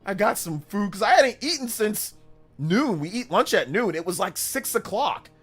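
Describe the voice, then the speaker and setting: A man in his thirties hosts a livestream and tells a story in casual talk. His pitch swings widely as he acts out the moments. Faint music plays under his voice. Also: moderate pace, slightly rough. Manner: animated, with exaggerated voices for quoted people. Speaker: livestream host.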